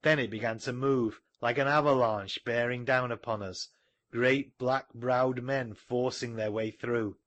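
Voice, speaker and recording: A man reading an audiobook in a measured storytelling manner, recorded close to the mic. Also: medium pitch, fairly even intonation, a bit bright, dry recording, lo-fi sound. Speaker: audiobook narrator. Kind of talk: scripted narration.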